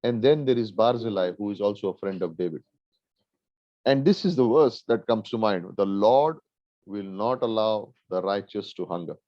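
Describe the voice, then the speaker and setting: A man's voice: on the low side, normal speed, dark tone, no echo. A man from India, a pastor teaching a Bible class in an earnest way, asking rhetorical questions and repeating phrases for emphasis. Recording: dull lo-fi dry recording.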